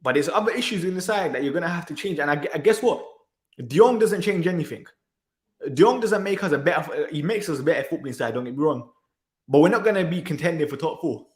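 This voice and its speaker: This football reaction channel host speaks in a slightly high, animated voice at a quick pace. Frustrated with the match, he rants with exasperated sighs and keeps circling back to the same phrases, all recorded in an echoey room.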